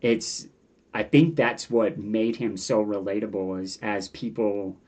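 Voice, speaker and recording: A man in his forties speaks as a guest in a relaxed podcast interview, his voice sitting fairly low. He talks earnestly and animatedly, often doubling words as he works out his thoughts. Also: unhurried. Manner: earnest and animated, repeats words while thinking. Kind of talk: casual conversational interview.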